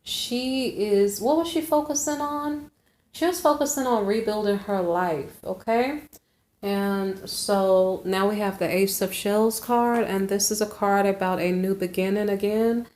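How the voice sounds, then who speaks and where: A tarot reader with a mid-range, darkish voice speaks at a measured pace. She gives viewers a casual reading, rambling and correcting herself, often checking in with "okay?" There's a roomy echo in the recording.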